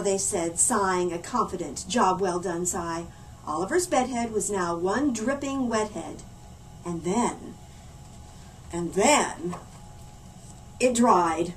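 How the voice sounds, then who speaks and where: A woman as a library story lady, reading a silly picture book aloud to children in a playful, animated way. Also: fairly high pitch, measured pace, distant mic, slight background noise, poor audio. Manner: animated, playful, swooping between hushed and loud.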